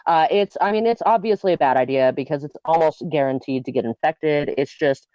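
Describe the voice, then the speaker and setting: A woman's voice: low-pitched, fairly quick, warm tone, no echo. Woman guest, blunt and crude, casual podcast talk; dull lo-fi remote audio. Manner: blunt, laughing, crude humor. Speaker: guest, piercer.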